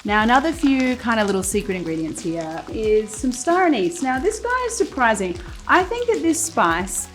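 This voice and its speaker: A woman hosting a casual cooking demonstration, chatting through each step as she cooks in a kitchen. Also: mid-range voice. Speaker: cooking show host. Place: home-style kitchen, cooking at the stove. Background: sizzling pan and soft music.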